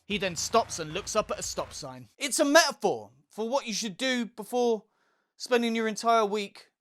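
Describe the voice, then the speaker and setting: A man's voice: high voice, a bit bright, slight background noise. A man narrating a film recap with sardonic, profane asides. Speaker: film reviewer.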